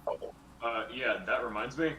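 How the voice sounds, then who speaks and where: A man's voice: medium pitch, moderate pace, pushed and bright. A man playing in a voice-chat tabletop game, talking in an offhand, casual way. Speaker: player. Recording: echoey room with background noise.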